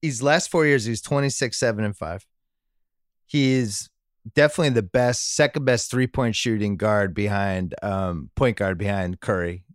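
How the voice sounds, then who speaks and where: A man's voice: lowish voice, moderate pace, clear, resonant tone, no echo, clean studio sound. A man hosting a sports podcast, chatting casually and joking through listener emails. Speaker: podcast host.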